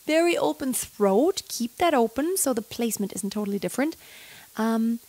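A young woman teaching how to sing a pop ballad, speaking in a relaxed coaching manner and breaking into sung phrases to show the technique. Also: a little high, moderate pace, dry recording. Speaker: singing teacher. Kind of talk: vocal lesson with sung demonstrations. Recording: loud instrumental music behind.

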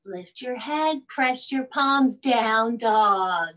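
A woman leading a gentle bedtime yoga class for children, coaxing and soothing, with playful moo and meow sounds. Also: fairly high pitch, expressive, drawn-out words, far from the mic, low-quality recording. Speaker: kids' yoga teacher.

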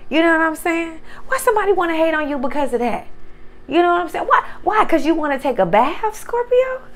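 Lively profane woman reading tarot. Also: very high voice, fast talker. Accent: Southern US. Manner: profane, animated, talks straight to viewers. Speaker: tarot reader.

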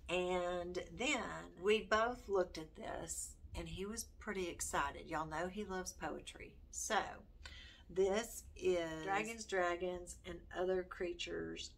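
An older grandmother with a Southern accent chats folksily to the camera in a homeschooling vlog about homeschool books, reading titles aloud. Her voice sits on the low side, and she speaks at a slow pace.

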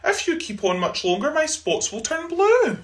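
A woman's voice: high voice, very animated, moderate pace, pitched above the performer's own voice. A woman voicing a greedy, clumsy young male giraffe in a storybook, with a fretful, pleading manner.

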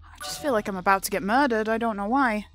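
A woman's voice: medium pitch, fast talker, fairly bright tone, a little hiss or hum. A woman talking to herself while playing a video game, thinking aloud and yelping when something startles her. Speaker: gamer. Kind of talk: casual gameplay commentary.

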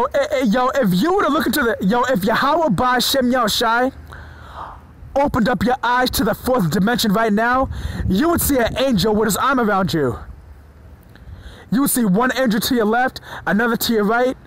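A man preaching to his viewers in an excited, informal way, often stumbling over his words and swearing freely. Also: very high-pitched, poor audio. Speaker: religious video preacher. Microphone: phone or screen recorder mic.

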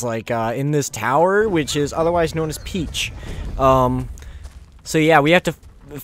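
A man with a hoarse, gravelly voice casually commentating a video game, crude and joking. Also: on the high side. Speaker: gamer. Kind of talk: casual let's play commentary.

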